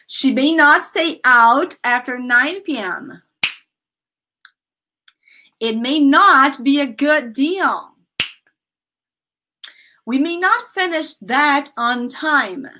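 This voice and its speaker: A woman with a Brazilian Portuguese accent teaching an English grammar lesson, lively and laughing often as she drills students with example sentences. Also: high voice, extremely slow, pauses often.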